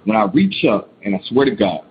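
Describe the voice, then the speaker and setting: A man's voice: fairly low pitch, sing-song, fairly quick. A man casually telling a scary personal story in a rambling, slangy way with frequent restarts. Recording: dull lo-fi recording with clear noise.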